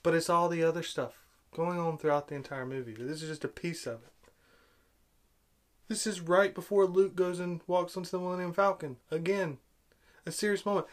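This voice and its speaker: A high-voiced man delivering a ranting film commentary. He is sarcastic and exasperated, hammering the same complaints again and again. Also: moderate pace. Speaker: movie reviewer.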